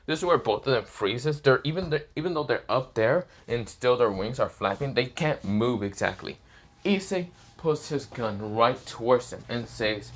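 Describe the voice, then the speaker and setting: A man's voice: mid-range voice, lively intonation, normal speed. A man improvising a fan-fiction story aloud, rambling with many fillers and self-corrections.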